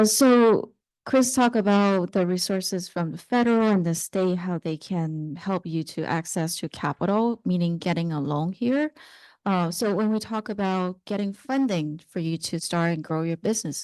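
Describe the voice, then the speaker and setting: A woman speaks on a small business panel and walks the audience through funding options. She checks in with "right?" and fills pauses with uh. Her voice sits fairly low, and the sound is dry and close. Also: a little mellow, no echo. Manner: explanatory, frequent uh and right? checks. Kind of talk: panel talk to a live audience. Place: university event room.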